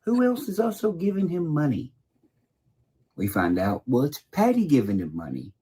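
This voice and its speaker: A man's voice: a little high, wildly swooping pitch, moderate pace, mellow, slightly rough. A man ranting in a profane, mocking way. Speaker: video creator. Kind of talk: angry rant.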